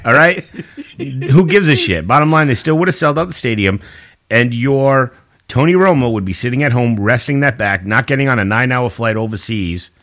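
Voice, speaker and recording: A man's voice: mid-range voice, animated, brisk, a bit bright. A man co-hosting a casual sports podcast, needling and arguing in a jokey way. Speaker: podcast co-host.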